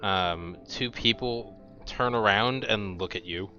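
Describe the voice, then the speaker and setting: A man narrating as game master of a tabletop game, relaxed and halting, with many fillers. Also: on the low side. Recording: dull lo-fi mic with faint music.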